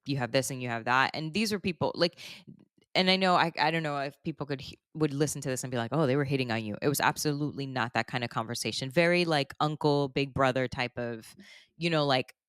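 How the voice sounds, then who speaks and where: A woman's voice: very deep voice, quick pace, fairly bright tone, clear, resonant tone, no room sound, studio quality. A woman hosting a podcast, talking in a candid, rambling way full of "like" and "basically". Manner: rambling, candid, heavy use of fillers like "like" and "basically". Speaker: podcast host. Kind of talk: casual chat.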